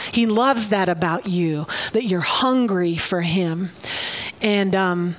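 A middle-aged woman pastor giving a sermon, emotional and often near tears, laughing between lively asides. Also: medium pitch, slow. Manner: emotional, tearful, laughing and animated. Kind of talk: sermon with personal prophetic words.

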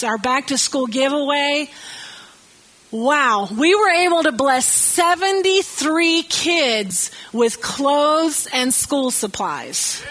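A woman's voice: high voice, poor audio. A woman from the American South, a pastor giving chatty church announcements and telling stories with laughs. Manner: chatty, warm storytelling with laughs.

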